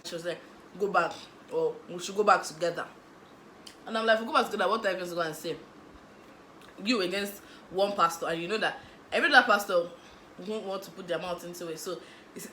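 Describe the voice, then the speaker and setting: A young Nigerian woman in a casual storytime vlog, lively and acting out the people in her story. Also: on the low side, normal speed, roomy sound, slight background noise, low-quality recording. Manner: animated, acts out voices of the people in her story. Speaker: vlogger.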